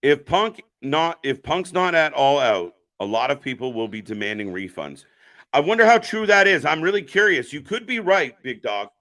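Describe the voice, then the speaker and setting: Brief: male stream host, bright tone, rambling and profane, reads chat aloud. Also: fairly high pitch, sing-song, moderate pace. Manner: profane, rambling, jokey, chats with viewers. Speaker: live stream host reacting to wrestling. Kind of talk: casual live commentary reading chat.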